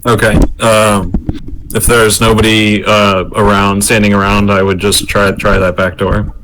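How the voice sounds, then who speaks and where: A man's voice: on the low side, little pitch movement, a little slow, background noise. A man playing a tabletop game, describing his character's plans tentatively. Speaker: player.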